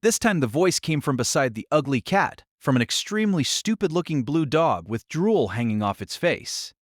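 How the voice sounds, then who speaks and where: A man narrating a light novel audiobook in an expressive storytelling manner. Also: fairly high pitch, normal speed, dry recording, studio quality.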